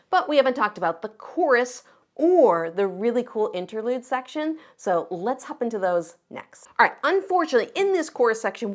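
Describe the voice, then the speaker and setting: A woman teaching guitar, explaining step by step in an encouraging, friendly way. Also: fairly high pitch. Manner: encouraging, explains step by step while counting beats. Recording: guitar music behind the voice. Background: her own acoustic guitar playing.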